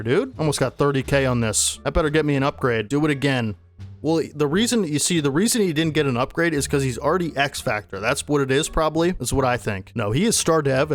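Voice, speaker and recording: A young man giving live commentary over his football video game, excitable and trash-talking the computer players. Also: medium pitch. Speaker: gaming YouTuber.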